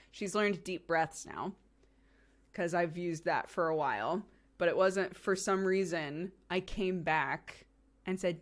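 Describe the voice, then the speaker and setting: Woman, young adult, casual chat, lively pitch, slow pace, frequent laughter. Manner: animated storytelling, laughs often, acts out quotes. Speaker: streamer and host.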